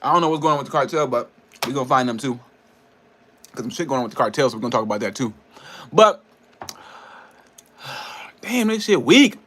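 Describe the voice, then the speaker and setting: A man's voice: medium pitch, fast talker, pauses often, fairly bright tone, a little hiss or hum. A man, a personal trainer and nutrition coach, ranting in a casual vlog, frustrated and profane, rambling between laughs.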